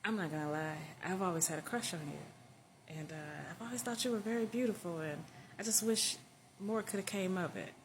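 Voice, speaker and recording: A woman's voice: on the low side, slight background noise, close to an everyday voice. A woman voicing a smitten old friend. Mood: tender, hesitant. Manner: tender, hesitant, halting. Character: man, old college friend, smitten and gentle.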